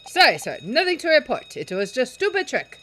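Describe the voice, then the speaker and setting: A woman voicing a gruff, burly male ship crewman who speaks in clipped, broken English. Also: low voice, measured pace, fairly bright tone, a little hiss or hum, voice pushed down.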